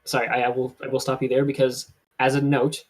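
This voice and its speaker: A man running a live-streamed tabletop game as game master, who describes the scene slowly and at length. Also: medium pitch, level tone, poor audio.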